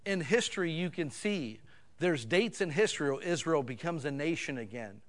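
A man preaches a sermon in a folksy, conversational way. His voice sits fairly high for a man. He swings from loud, emphatic bursts down to quiet asides. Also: lively intonation, moderate pace. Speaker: pastor.

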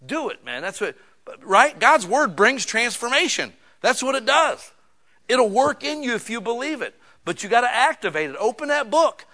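A male pastor preaching a sermon in a church, joking and casual, swinging from quiet asides to loud bursts. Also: very high-pitched, very animated, moderate pace.

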